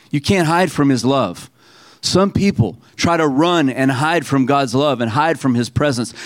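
A man preaching a sermon to a congregation. He reads scripture aloud slowly and with emphasis, and calls on the listeners to repeat lines back to him. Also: mid-range voice, no echo. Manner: preaching with call-and-response to the congregation. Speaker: pastor.

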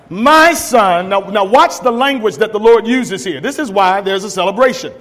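A male pastor, preaching a sermon and calling out to the congregation with shouted emphasis. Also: high-pitched, lively intonation, normal speed, few pauses. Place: church sanctuary. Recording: long reverb of a large church hall.

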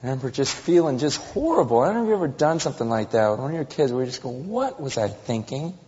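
A man's voice: medium pitch, rapid-fire. Man preaching in a reverberant hall. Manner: animated storytelling, swinging from loud to hushed. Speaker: pastor. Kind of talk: sermon. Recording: dull reverberant hall recording.

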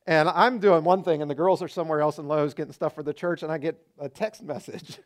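A middle-aged man preaching a sermon as pastor, conversational and animated, acting out quoted remarks. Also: fairly high pitch, a little fast.

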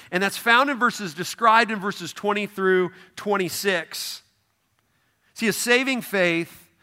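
Bright-voiced high male pastor preaching. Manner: conversational, asks the congregation questions; emphatic, repeats "no, no, no". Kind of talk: sermon.

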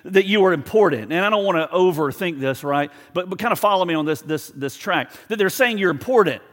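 A man's voice: high voice, a little fast, long reverb tail. A male pastor preaching a sermon in a conversational, storytelling way, acting out quotes and asking the crowd for agreement. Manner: animated storytelling, acts out quotes.

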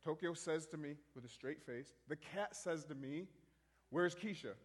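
A man telling a story in a rambling, halting way, full of restarts, as a minister sharing a testimony. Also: fairly high pitch, in a large hall, a little hiss or hum.

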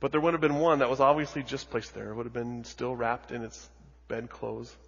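Husky male pastor in a reverberant hall. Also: medium pitch, little pitch movement, a little fast. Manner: dramatic storytelling with heavy repetition, swinging from hushed to loud. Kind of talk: sermon. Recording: dull audio with long hall reverb.

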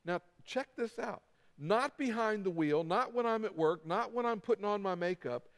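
High-voiced pastor preaching in a big hall. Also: male voice, expressive, moderate pace, gravelly, a bit bright. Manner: preaching with emphatic repetition and acted quotes. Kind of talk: sermon. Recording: long reverb of a large hall.

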